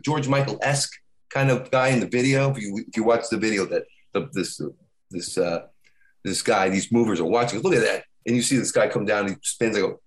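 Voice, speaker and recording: Rambling, halting middle-aged man. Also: fairly low pitch. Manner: rambling, halting storyteller with many restarts. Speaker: podcast co-host. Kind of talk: casual chat.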